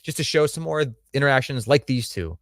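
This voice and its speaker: A man's voice: medium pitch, animated, brisk, fairly bright tone, no echo, studio quality. A man co-hosting a casual show review livestream, blunt and crude with joking asides. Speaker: podcast co-host.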